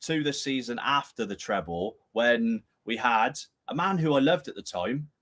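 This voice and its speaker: A man's voice: mid-range voice, lively intonation, moderate pace, fairly bright tone. A man hosting a casual live-stream chat on a video call. He talks in a rambling way and laughs often. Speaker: show host. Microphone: camera used as webcam.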